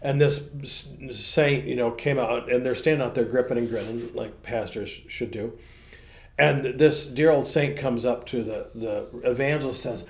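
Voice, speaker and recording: A man, a pastor co-hosting a casual ministry podcast, telling folksy stories with animated asides. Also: medium pitch, moderate pace, echoey room. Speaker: pastor, co-host.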